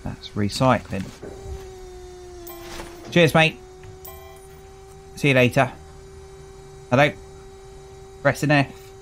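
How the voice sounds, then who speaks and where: A man's voice: medium pitch, expressive, extremely slow, long pauses, a bit bright, soft background music, poor audio. A British man casually commentating a gameplay video, chatty and wry, greeting the characters he meets as he plays. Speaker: gaming channel host. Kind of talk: casual let's-play commentary.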